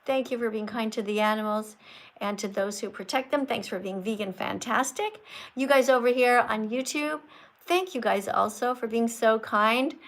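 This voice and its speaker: A woman lectures a guest on her livestream. Her voice sits a little high, and she talks in an emphatic, scolding, preachy way that keeps driving her point home. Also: a bit bright, rough recording. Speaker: livestream host teaching veganism.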